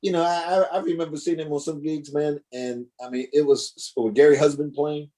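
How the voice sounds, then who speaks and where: A man, a drummer, telling animated, rambling stories over a video call, with lots of restarts. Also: on the high side, fairly quick. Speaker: guest drummer. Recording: choppy internet connection.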